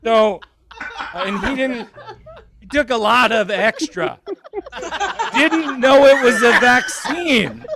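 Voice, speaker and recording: A man performing a stand-up comedy set, rambling and self-deprecating in a deadpan way. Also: very high voice, slow, creaky, pauses often. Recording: crowd laughter in background. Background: audience laughter.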